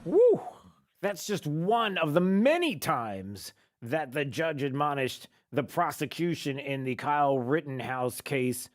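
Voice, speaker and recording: A man hosting a talk radio show, talking in a sarcastic, animated way. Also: a little high, unhurried, few pauses.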